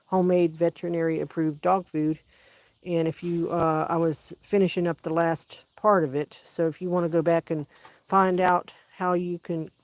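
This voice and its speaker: A woman chatting casually with viewers on her livestream, rambling from topic to topic. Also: on the low side. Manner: rambling, friendly, talks sing-song baby talk to her dogs. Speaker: livestream host. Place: home kitchen and backyard.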